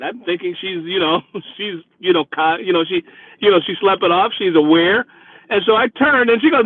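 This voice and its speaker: A man who drives for a rideshare service, hosting his vlog and retelling a ride in a chatty, animated way. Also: high voice, fairly quick, no echo. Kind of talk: casual storytelling. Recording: dry, phone-like lo-fi sound.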